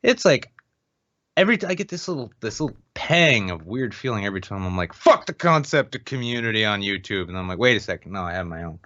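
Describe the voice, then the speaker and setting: A man's voice: fairly low pitch, big pitch swings, quick pace, a bit bright, dry recording, dull audio. A man co-hosting a podcast, chatting loosely and swearing as he rambles through stories. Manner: laid-back, swearing, rambling anecdotes. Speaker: podcast co-host. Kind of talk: casual chat.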